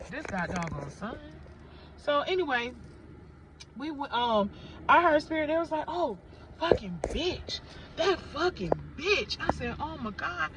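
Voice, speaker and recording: A woman vlogging outdoors, casually telling a story to camera with animated asides to her viewers and blunt, salty language. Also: sits high, background noise. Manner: chatty, animated retelling with frequent asides to viewers. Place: outdoors in sunlight.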